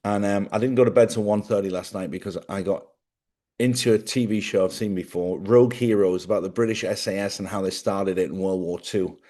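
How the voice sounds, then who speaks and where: A man's voice: fairly low pitch, fairly even intonation, a little fast, warm tone. A man hosting his own live show, talking casually and jokily, rambling from one topic to the next and sounding sleepy. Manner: jokey, chatty, wanders off topic. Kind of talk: rambling casual livestream chat. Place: small studio.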